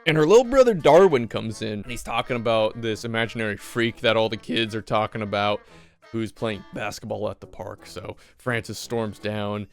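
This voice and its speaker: A young man casually recapping a horror movie, animated and swearing a lot. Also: on the low side, normal speed, gravelly, faint music behind. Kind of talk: profane comedic movie recap.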